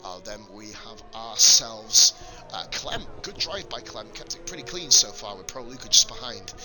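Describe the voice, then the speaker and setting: A man giving live, sweary, excitable commentary on a sim-racing league, chatting with his viewers between calls. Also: lowish voice, normal speed, faint music behind.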